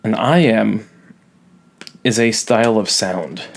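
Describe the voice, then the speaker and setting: A male teacher giving a recorded lecture in a low, gravelly voice. He talks slowly and playfully, stretching out the words he wants to land. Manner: playful, jokey, drawn-out emphasis on key words.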